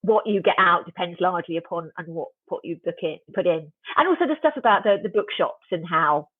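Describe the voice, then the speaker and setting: A woman's voice: on the low side, animated, fairly quick, husky, dry recording. A woman, a guest author, talking reflectively in an interview, often restarting her sentences. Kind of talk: conversational interview. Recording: tinny dry phone line.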